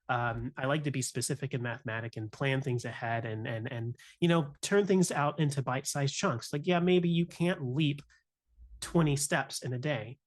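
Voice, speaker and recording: Earnest young man, reflective podcast talk. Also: medium pitch. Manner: earnest, reflective, peppers speech with "you know" and "right?". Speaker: music teacher and podcast co-host. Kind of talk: candid podcast conversation.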